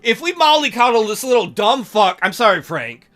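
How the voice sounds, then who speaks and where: A man's voice: extremely high pitch, sing-song, normal speed, fairly bright tone. A man hosting a let's play, reading game text aloud and reacting with sarcastic, profane commentary.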